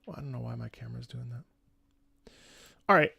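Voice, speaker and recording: Gravelly, earnest man streaming. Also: mid-range voice, moderate pace, bright, forceful tone, dry recording, studio quality. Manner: rambling, repeats words and restarts often; earnest, swears casually. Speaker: streamer reacting to music. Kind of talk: casual livestream chat.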